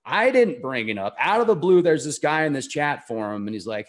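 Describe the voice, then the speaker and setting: A man of ordinary pitch speaks as an interview guest. He tells his story conversationally, earnest and enthusiastic, and wanders from point to point. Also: animated, brisk, few pauses. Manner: earnest, enthusiastic, rambling delivery.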